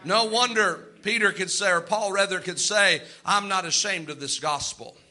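A man's voice: sits high, moderate pace, pushed and bright. A male pastor preaching a sermon, repeating lines for emphasis and calling out amens.

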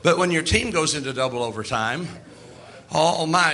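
A man preaching a sermon in a folksy, animated way, slipping into quoted asides. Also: on the high side, moderate pace.

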